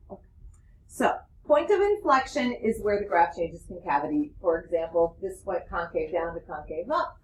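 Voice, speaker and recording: A woman teaching a math class, her pitch in an ordinary middle range. She explains in a lively way and keeps asking the students whether they follow. The talk is recorded in the classroom as she lectures. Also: poor audio.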